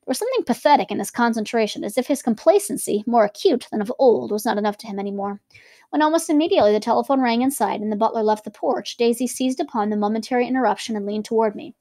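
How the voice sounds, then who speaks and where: A woman's voice: fairly high pitch, dark tone, dry recording. A woman reading a classic novel aloud and stopping for casual commentary. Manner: quick, conversational asides between reading. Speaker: reader and teacher.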